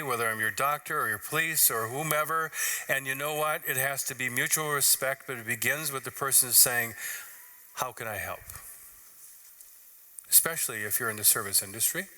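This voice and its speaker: A man's voice: medium pitch, pushed and bright. A man, a pastor, giving an earnest, conversational sermon in church.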